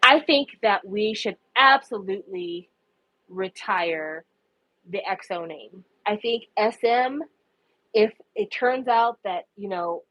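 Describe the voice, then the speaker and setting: A woman's voice: medium pitch, lively intonation, slow, dry recording, highs cut off. A woman giving impassioned, profane casual commentary, her voice rising in anguished outbursts. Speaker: K-pop commentary vlogger.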